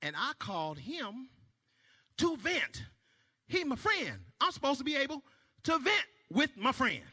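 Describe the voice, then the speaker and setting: Animated high-voiced man doing stand-up. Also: unhurried, breathy edge. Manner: animated, shouting punchlines, drops to low mumbling asides. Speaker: stand-up comedian. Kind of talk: stand-up comedy set. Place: church stage before a live audience. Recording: long hall reverb.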